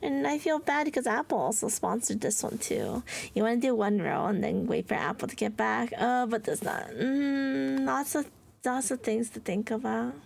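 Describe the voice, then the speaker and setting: A woman's voice: on the high side, lively intonation, normal speed, gravelly. Giggly woman streamer chatting with viewers. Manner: playful and giggly, answering chat; mock-whiny, dramatic teasing. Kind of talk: casual livestream chat with viewers.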